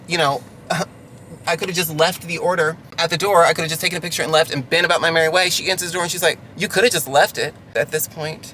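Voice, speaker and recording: A man's voice: fairly high pitch, pushed and bright, a little hiss or hum. A delivery driver venting through a ranting storytime vlog from his car, sarcastic and exasperated.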